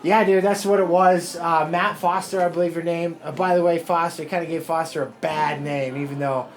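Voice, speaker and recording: A man in his thirties with a fairly high voice rambles through a casual podcast interview, open about his feelings and swearing freely. Soft background ambience hums faintly behind him. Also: steady tone, normal speed, slight background noise. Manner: rambling, emotional, swears a lot. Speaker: fighter guest.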